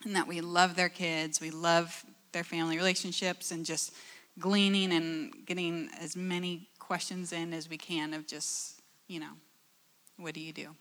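A woman's voice: lowish voice, little pitch movement, moderate pace, a bit bright. A woman in her forties speaking reflectively and searching for words as a guest in a church panel conversation.

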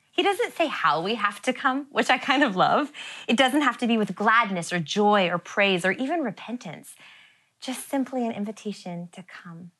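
A woman in her thirties preaching a sermon, earnest and soft-spoken, sometimes dropping to a near whisper and laughing lightly between phrases. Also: mid-range voice, animated, normal speed. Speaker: pastor.

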